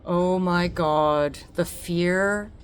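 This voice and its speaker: Woman vlogging a story, low-ish voice, super emphatic, plays out the convo, slight hiss behind. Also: extremely slow. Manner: animated, acts out the dialogue; emphatic, repeats words for effect. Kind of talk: personal storytelling.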